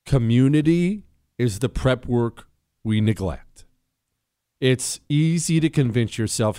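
A man's voice: mid-range voice, expressive, slow, dark tone, clear, resonant tone, no room sound, studio quality. A man hosting a talk radio show, delivering a monologue with emphatic repeated phrases and joking asides to a co-host.

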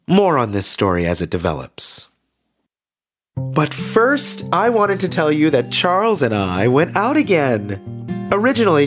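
An actor playing a cheerfully devout male radio host who delivers grim news in a bright, chatty way. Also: mid-range voice. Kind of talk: scripted radio drama narration. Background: faint guitar music.

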